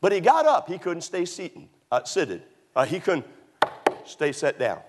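Animated preacher man with whooping highs. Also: a little slow, noisy background. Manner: animated storytelling with sudden high whoops. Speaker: pastor. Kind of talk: sermon. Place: church auditorium.

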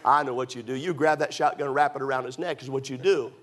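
A man's voice: medium pitch, fairly even intonation, quick pace. A man preaching a sermon, building with emphatic rhetorical questions and storytelling. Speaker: pastor.

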